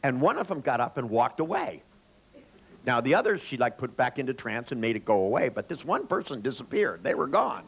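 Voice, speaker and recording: Brisk and gravelly with a breathy edge, this mid-range male voice comes through a low-quality recording. Speaking directly to a live seminar audience, he jokes and tells anecdotes with animated energy.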